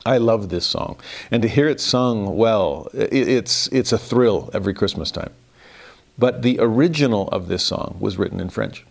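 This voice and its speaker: A man's voice: on the low side, moderate pace, creaky. A man, giving a devotional Christmas lesson in an earnest, reflective way with some self-deprecating humor. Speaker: religious teacher.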